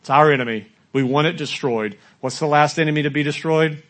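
A man preaching a sermon in a conversational way, asking the congregation questions and at times rising to loud, shouted quotes. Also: fairly high pitch, a little fast. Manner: rises to loud shouting when acting out quotes. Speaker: pastor.

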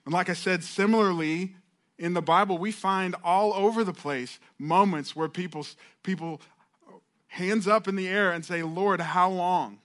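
A man's voice: high-pitched, normal speed, a bit bright. A middle-aged male pastor giving a conversational sermon, restarting phrases and acting out heartfelt prayers.

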